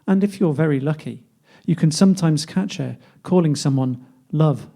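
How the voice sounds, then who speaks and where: A man's voice: a little high, normal speed, gravelly, mellow. A man reading a poem aloud in a wry, conversational way, voicing its dialogue. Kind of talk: poetry reading.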